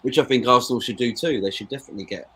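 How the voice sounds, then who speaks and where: A man's voice: medium pitch, rapid-fire, pushed and bright, slightly rough. A man co-hosting a football watchalong, chatting casually and opinionated, calling his co-host "mate". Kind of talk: casual live match chat.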